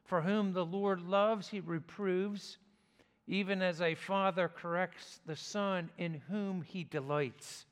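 A male pastor delivers a sermon in a slow, deliberate cadence, leaving pauses between phrases. His voice sits a little high for a man. The sound rings with the long reverb of a church sanctuary. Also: fairly even intonation, smooth.

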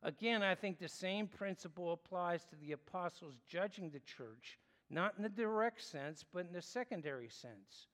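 A man's voice: sits high, expressive, a bit bright. Earnest preaching man in a reverberant hall. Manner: earnest, explanatory, measured pauses. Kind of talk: sermon.

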